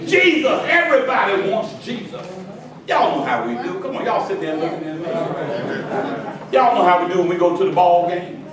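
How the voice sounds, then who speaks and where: A man preaches a sermon in a high voice. He drops to quiet asides, then rises to shouted calls to the congregation. He sounds distant, in a very echoey church with the crowd audible behind him. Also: animated, brisk. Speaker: pastor. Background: congregation responding and laughing.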